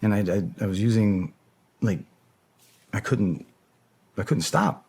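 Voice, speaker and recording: A middle-aged American man in a casual interview, swearing often and filling his talk with "like," acting out the shouts he recounts. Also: lowish voice, measured pace, husky. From United States. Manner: profane, heavy filler words, acts out yelled quotes. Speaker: podcast guest, former special operator.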